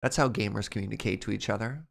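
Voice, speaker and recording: A man's voice: lowish voice, fast talker, vocal fry, a bit bright. A man streaming and chatting casually, reading his chat aloud in a playful way and laughing often.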